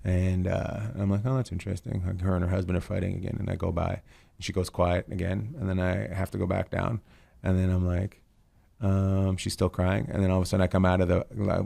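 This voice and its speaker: A man's voice: low-pitched, gravelly, darkish tone. A middle-aged man hosting a casual comedic chat, telling rambling stories and swearing freely. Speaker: podcast host.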